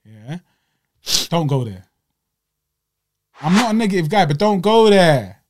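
A young man co-hosting a podcast, telling stories in casual slang and getting louder as he gets riled up. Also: sits high, measured pace, a little hiss or hum. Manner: animated storytelling with slang, voices rising when riled. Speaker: podcast co-host. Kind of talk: casual chat. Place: small home studio.

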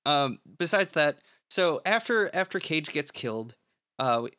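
A man's voice: a little high, animated, measured pace, sharp tone, dry recording, studio quality. A young man co-hosting a casual podcast, recapping a film plot in a rambling, filler-heavy way and swearing freely.

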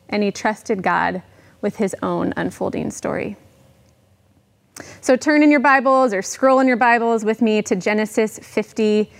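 A woman preaching a sermon in a conversational way, reading scripture aloud to her congregation. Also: medium pitch.

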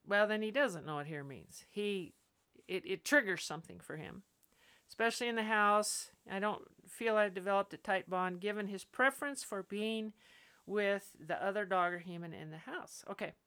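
A woman's voice: medium pitch, moderate pace, fairly bright tone, clear, resonant tone. Blunt woman dog trainer. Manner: blunt, emphatic, laughs between points. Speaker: dog trainer and podcast host. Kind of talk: casual podcast advice.

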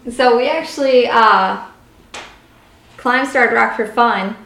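A woman's voice: a little high, takes it slowly, slight background noise. Woman, from Illinois, podcast co-host, joking reactions, echoey room. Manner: lively reactions, joking asides. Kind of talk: casual true-crime podcast chat.

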